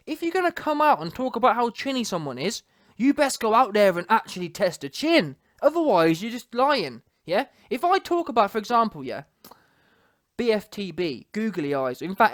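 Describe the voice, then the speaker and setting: A man's voice: sits high, no room sound. Man, boxing rant, emphatic, slangy, digressive, dry close sound. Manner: emphatic, digressive, street slang, repeats points. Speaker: boxing commentator. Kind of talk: casual rant to camera.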